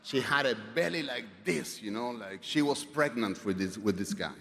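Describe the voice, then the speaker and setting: A man sharing his personal story at a recovery meeting, halting, with many fillers, restarts and swearing, and some wry humor. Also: medium pitch, creaky, a bit bright. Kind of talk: personal testimony. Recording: reverberant hall, faint background noise.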